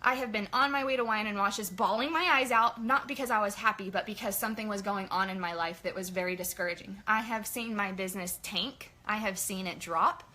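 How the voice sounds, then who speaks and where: A woman leading a casual motivational team training, chatty and energetic in her pep talk. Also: mid-range voice, a little fast, hardly any pauses. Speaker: sales team leader.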